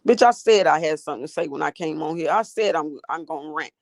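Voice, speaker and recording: A woman's voice: low voice, fast talker, creaky, no echo. A woman hosting a livestream from her phone, ranting at her chat in a profane, combative, sassy way. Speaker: livestream host. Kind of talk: casual live-chat rant.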